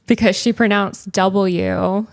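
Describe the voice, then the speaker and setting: A woman co-hosting a relaxed podcast with her husband. She chimes in with quick, teasing remarks in an everyday mid-pitched voice. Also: vocal fry, dry recording, studio quality. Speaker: podcast co-host. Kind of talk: casual chat.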